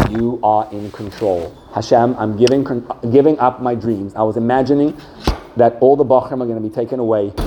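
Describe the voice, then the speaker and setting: A man heading a yeshiva and teaching a Torah class to students, telling stories in an animated, conversational way. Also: mid-range voice, background noise. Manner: animated, conversational, acts out the voices in his stories.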